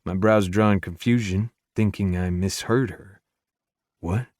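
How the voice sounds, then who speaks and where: A man narrating a romance audiobook in the first person, in a low, intimate, earnest way. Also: steady tone, moderate pace, a little mellow, no room sound, studio quality.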